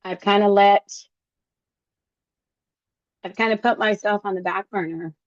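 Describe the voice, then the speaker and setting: A middle-aged woman talking through a book in a casual group discussion, reflective and halting, with many pauses and fillers. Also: mid-range voice, fairly even intonation, dry recording, dull audio. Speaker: book club member.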